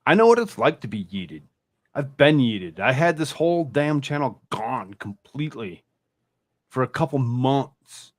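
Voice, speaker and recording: Male stream host; halting, repetitive casual talk. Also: mid-range voice, sing-song. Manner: halting, repeats words. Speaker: channel host. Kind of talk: casual livestream chat.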